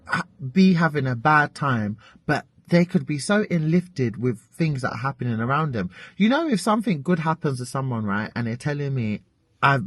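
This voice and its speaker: A woman's voice: sits low, no echo. A British woman giving an exasperated, chatty vlog rant and swearing freely. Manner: animated, exasperated ranting with frequent swearing. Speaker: vlogger.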